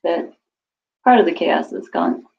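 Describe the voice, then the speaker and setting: A woman's voice: fairly low pitch, huge pitch swings, unhurried, creaky, darkish tone, slight background noise. A woman teaching Spanish to a class over a video call, explaining patiently and encouraging students. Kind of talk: online class instruction. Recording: dull lo-fi call audio.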